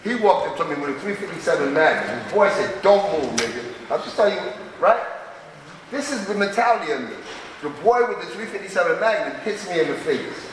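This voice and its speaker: Recorded from a distance in an echoey hall with a little hiss or hum, this is a middle-aged man telling raw, profane stories of his past at a twelve-step meeting. He talks like a street storyteller. His voice sits high with a fairly bright tone.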